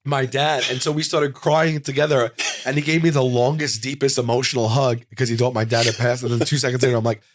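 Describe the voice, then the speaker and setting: A man in his forties, a comedian guest, telling a rambling, animated anecdote in a casual interview, full of "like.". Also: mid-range voice, quick pace, hardly any pauses, no room sound.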